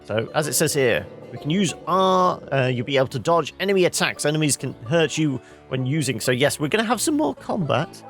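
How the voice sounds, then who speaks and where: A man's voice: fairly high pitch, very animated, a little fast, few pauses, faint music behind. A man giving rambling, wry commentary while playing a video game, often correcting himself mid-sentence. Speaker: gameplay video host. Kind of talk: let's play commentary.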